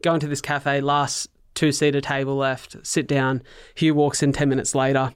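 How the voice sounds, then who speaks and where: An Australian man chats as a podcast guest, spinning a story with energy. His voice is smooth and clear, recorded up close in a dry, deadened room. He sits at an everyday middle pitch. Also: normal speed, dry recording. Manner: animated storyteller, acts out what others said. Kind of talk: casual podcast chat.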